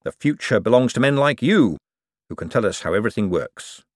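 A charming young conman talks glibly and persuasively with a wry edge, as a male narrator puts him on. His pitch moves animatedly, and the recording is dry and close. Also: lively intonation, fairly quick, no room sound, natural voice.

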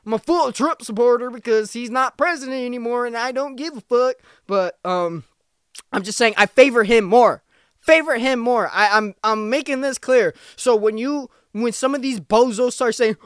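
A man's voice: extremely high pitch, normal speed, fairly bright tone, clean tone, dry recording, clean studio sound. Rambling, slangy young man on a podcast. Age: 20s. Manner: rambling, slangy, swearing, joking about. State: tired from little sleep. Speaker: podcast host. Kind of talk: casual podcast monologue.

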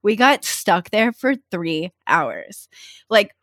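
Young woman podcast co-host, lively swooping voice, dry close sound, laughs often. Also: mid-range voice, slow pace, no echo. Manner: animated storytelling, frequent laughter. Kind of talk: casual chat.

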